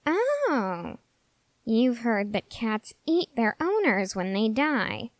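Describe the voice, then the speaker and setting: A woman's voice: on the high side, sing-song, slow pace, dry recording. A woman voicing sardonic cat-man Armin Arlert, dry-sounding. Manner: dry, sarcastic, mildly scolding. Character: young male cat-hybrid, dry, sardonic, secretly caring. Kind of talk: whispered role-play.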